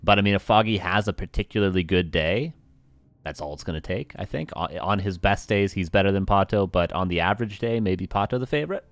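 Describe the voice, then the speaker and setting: This is a man with a lightly West Coast Canadian accent calling a live strategy game match. His voice sits a bit low, and the sound is dry and close. He jokes with viewers, laughs easily, then slides back into match commentary. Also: a little fast, no echo. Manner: joking, laughs often, answers chat questions. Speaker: esports caster.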